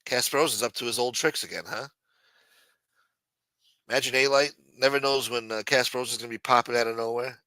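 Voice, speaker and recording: A man's voice: medium pitch, steady tone, fairly quick, long pauses, pushed and bright, no room sound, low-quality recording. A man hosting a late-night live stream in a loose, profane, teasing way, reading and answering viewer chat. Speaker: live show host.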